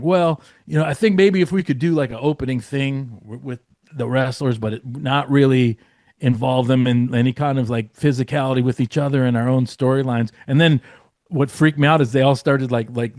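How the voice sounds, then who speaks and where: Male guest storyteller, mid-pitched, loose and rambling, curses freely, dry close mic. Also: steady tone, a little fast, a little mellow, no echo. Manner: rambling, profane, lots of fillers. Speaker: podcast guest, former comedy writer. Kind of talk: casual storytelling.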